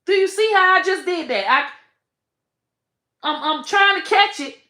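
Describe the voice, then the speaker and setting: Slow-talking bright-voiced woman, blunt profane rant. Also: very high voice. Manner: blunt, profane, animated, trails off and restarts. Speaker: online comedian and commentator. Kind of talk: casual profane rant to camera. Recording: echoey room.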